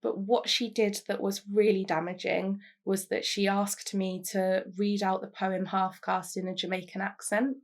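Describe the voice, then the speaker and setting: A woman's voice: medium pitch, little pitch movement, normal speed, few pauses. Candid young woman, reflective. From London, England. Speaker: interviewee. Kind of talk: personal testimony to camera.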